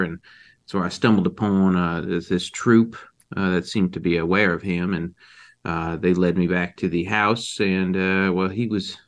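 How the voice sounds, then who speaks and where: A man playing a cagey rural father questioned as a witness, speaking haltingly with many fillers and folksy turns of phrase. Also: deep voice, fairly bright tone. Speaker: player character being questioned. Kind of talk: improvised tabletop role-play.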